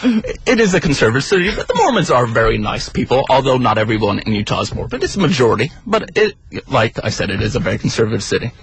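A man's voice: fast, breathy edge, rough recording. Wry young man telling a story. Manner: wry, self-deprecating storytelling with lively pitch. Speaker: guest storyteller. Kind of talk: telling a personal story on radio.

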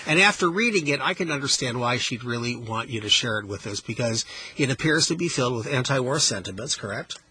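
A radio host with a very husky, raspy voice that still comes across bright and forceful. He talks in an emphatic, expressive way, explaining ideas like a playful teacher on air from the studio. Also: mid-range voice, a little fast, poor audio. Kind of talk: on-air interview with students.

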